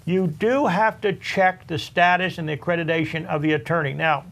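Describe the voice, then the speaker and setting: A man with a notably high voice hosts a talk show as an attorney. He speaks earnestly and repeats his warnings, addressing listeners directly. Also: steady tone, moderate pace, creaky, fairly bright tone. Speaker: tax and immigration attorney, show host.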